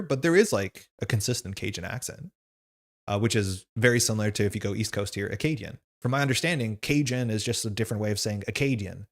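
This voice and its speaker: A man's voice: fairly low pitch, creaky. A young man chatting casually on a livestream, reading chat questions aloud and rambling with lots of "like". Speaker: streamer host reading chat.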